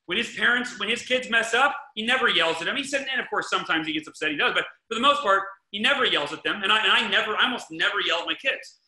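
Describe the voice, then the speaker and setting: A man hosting a podcast, giving casual parenting advice in an energetic, emphatic way, often repeating himself and restarting sentences. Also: high-pitched, quick pace, few pauses. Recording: echoey room.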